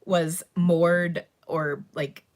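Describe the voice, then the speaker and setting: A woman's voice: lowish voice, flat delivery, extremely slow, a little mellow. A middle-aged woman, hosting a live stream and chatting casually, rambling through stories with laughs and fillers. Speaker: livestream host. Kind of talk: casual chat.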